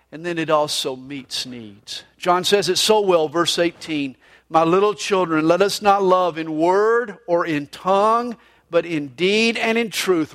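A middle-aged man preaching a sermon, earnest with lively emphasis. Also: high-pitched. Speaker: pastor.

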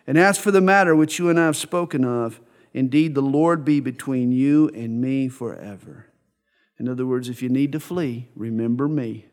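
Preacher man in a reverberant hall. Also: on the high side. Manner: reads scripture then explains with wry jokes. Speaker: pastor. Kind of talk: sermon. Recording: echoey hall with long reverb.

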